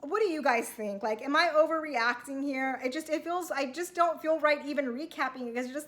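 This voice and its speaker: A woman with a high, light voice talks straight to her viewers about a reality show. She is chatty and keeps asking whether she is overreacting. She slips into quick acted-out quotes of the people on screen. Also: fairly bright tone. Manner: chatty, self-questioning, acts out quotes. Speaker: reality TV recap vlogger. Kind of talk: casual recap monologue to viewers.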